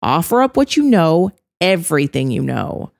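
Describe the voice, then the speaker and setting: A woman voicing a steady, practical man who speaks flatly and firmly. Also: deep voice, moderate pace, gravelly, dry recording, clean studio sound, exaggerated voice. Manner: flat, firm. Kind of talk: audiobook character voice.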